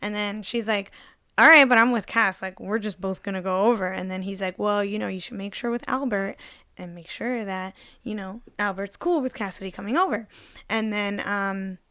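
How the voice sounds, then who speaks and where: Casual chat from a young woman with a mid-range voice who tells a story fast and lively, full of "like" fillers, acting out the others as she goes. The sound is close and dry, with no room around her. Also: medium pitch, smooth, no room sound. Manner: animated, lots of "like" fillers, acts out voices in the story. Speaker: podcast co-host.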